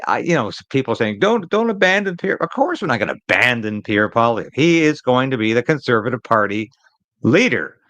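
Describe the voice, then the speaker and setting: A man's voice: mid-range voice, lively intonation, fairly quick, fairly bright tone, no echo, low-quality recording. A man hosting a live political commentary stream, talking in an emphatic, opinionated way and repeating phrases to drive a point home.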